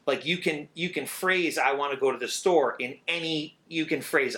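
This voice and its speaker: A middle-aged man, a drummer, talking in a casual interview, animated and swearing freely as he sings out rhythms. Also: fairly high pitch, moderate pace, hardly any pauses.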